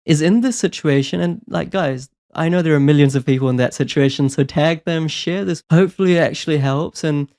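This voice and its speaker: Persuasive male property coach, smooth voice. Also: on the high side, brisk, few pauses. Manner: energetic, persuasive, often asks "right?". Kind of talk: motivational advice talk.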